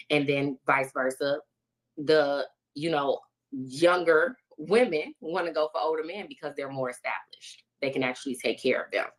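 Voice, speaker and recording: Matter-of-fact woman giving her opinion. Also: extremely low pitch. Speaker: panel guest. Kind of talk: panel discussion.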